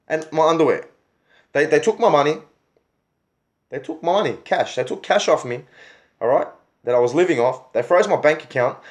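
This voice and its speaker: An Australian man telling his own story in a vlog, agitated, swearing heavily and firing off rhetorical questions. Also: mid-range voice. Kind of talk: angry personal storytelling.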